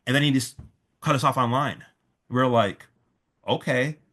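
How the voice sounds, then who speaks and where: A man's voice: medium pitch, steady tone, brisk, fairly bright tone. A man, a festival organizer, telling a long story in a casual interview, full of fillers and restarts, quoting others in his own voice.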